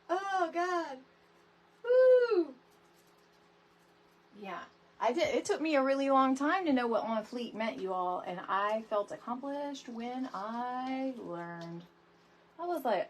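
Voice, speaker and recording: A middle-aged woman hosting a casual craft tutorial livestream, chatty and animated, greeting viewers by name from her home craft room. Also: on the high side, a little slow. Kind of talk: casual live crafting chat.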